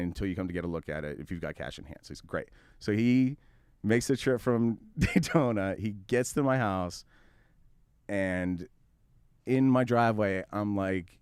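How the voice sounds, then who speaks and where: A man hosting a radio talk show, telling a long story in a casual, animated way, swearing freely and acting out both sides of the conversation. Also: on the low side, clear, resonant tone, dry recording, studio quality. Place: studio.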